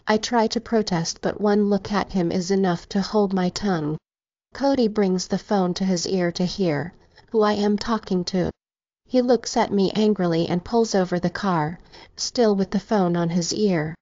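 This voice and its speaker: A woman narrating a first-person romance audiobook with a steady, even reading. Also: medium pitch, a little slow, no room sound. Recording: slightly dull, dry recording.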